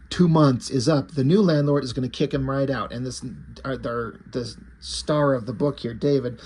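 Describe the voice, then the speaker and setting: Rambling man retelling a story, husky. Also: a little high, a little mellow. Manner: rambling, loose. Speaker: book reviewer. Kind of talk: casual plot retelling.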